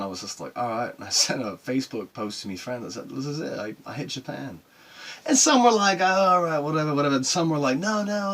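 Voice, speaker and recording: Actor as a cursing sailor telling his voyage, husky, rambling and emotional, pitch all over the place. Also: fairly bright tone. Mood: scornful. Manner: profane, rambling and emotional storytelling. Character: rough-talking male sailor recounting a solo voyage. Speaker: actor performing a monologue. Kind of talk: dramatic monologue.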